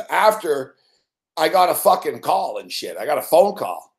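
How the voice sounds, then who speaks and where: A man with a voice a little higher than most tells a long story in loose casual talk. He swears constantly, stumbles over his words and breaks into laughs along the way. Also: sing-song, unhurried, vocal fry. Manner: profane, rambling, laughs often. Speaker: show host.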